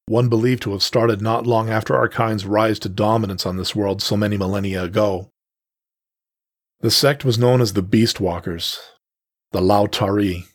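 A man narrating a first-person story in a steady, measured way. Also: lowish voice, dry recording, clean studio sound.

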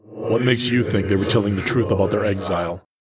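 A man's voice: on the low side, fairly quick, background noise, close to an everyday voice. A man growling as a big stern feral beast. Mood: probing. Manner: stern, probing interrogator.

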